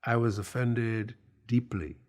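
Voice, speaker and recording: A man telling a personal anecdote in an interview, slow and deliberate, pausing with fillers. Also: medium pitch, steady tone, darkish tone. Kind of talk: storytelling anecdote.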